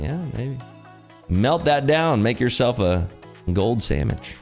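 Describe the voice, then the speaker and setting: Tired, animated male stream host. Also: mid-range voice, slow, soft background music. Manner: animated, joking, reads chat aloud. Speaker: day-trading livestream host. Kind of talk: casual livestream chat.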